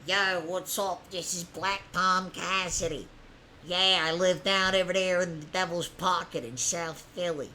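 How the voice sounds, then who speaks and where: A man's voice: high-pitched, fairly even intonation, measured pace, bright, forceful tone, a little hiss or hum, voice pushed down, exaggerated voice. A man voicing a brash, swaggering Philadelphia street guy in a put-on Philadelphia accent. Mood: cocky. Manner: swaggering, cocky. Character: brash tough-talking Philly street guy, male.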